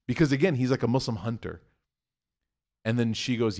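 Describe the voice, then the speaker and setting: A man giving a conversational sermon, telling a story and acting out the quoted voices with lively shifts, often checking in with "right?" and "okay?". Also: mid-range voice, fairly quick. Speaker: Islamic preacher.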